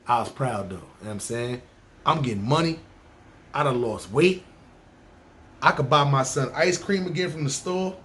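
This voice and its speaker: A man from New telling a story on his podcast, lively and full of slang and profanity. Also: medium pitch, brisk. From New York. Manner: animated, profane, slangy, talks to listeners. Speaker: podcast host. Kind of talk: storytelling monologue.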